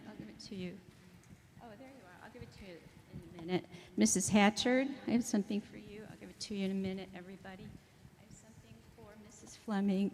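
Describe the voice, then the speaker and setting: A woman's voice: medium pitch, darkish tone, a little hiss or hum. Emotional woman rambling thanks in a hall. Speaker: choir director. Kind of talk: thank-you speech at a church event. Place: church hall with audience. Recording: echoey hall, mic often far off.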